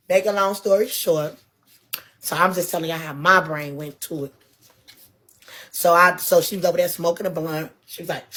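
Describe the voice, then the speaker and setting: A woman telling a story in a casual, animated way, laughing often and swearing freely. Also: lowish voice, normal speed. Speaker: guest.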